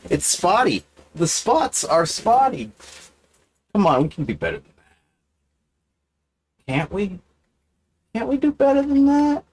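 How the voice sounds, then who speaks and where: A man's voice: big pitch swings, unhurried, pauses often. A man hosting a livestream, talking to camera in a profane, self-mocking, wandering monologue. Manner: wide sudden pitch swings. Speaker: livestream host. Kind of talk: rambling casual monologue.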